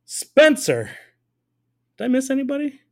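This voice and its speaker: A man's voice: extremely high pitch, huge pitch swings, measured pace, creaky. A man co-hosting a casual soccer podcast, joking and rambling, laughing often. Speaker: podcast co-host. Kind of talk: casual chat.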